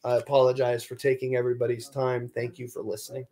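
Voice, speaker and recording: A man's voice: medium pitch, monotone, quick pace, mellow. A man speaking on a virtual panel about lived experience, earnest and a little apologetic, heard over a video call.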